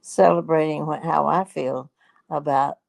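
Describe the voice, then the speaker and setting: This is a very old woman in her nineties, her voice deeply gravelly and rough. She talks in a halting, rambling way, full of restarts, over a dry, close sound. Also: fairly even intonation, a little mellow, dry recording, rough recording. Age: 90s. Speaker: guest. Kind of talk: casual chat.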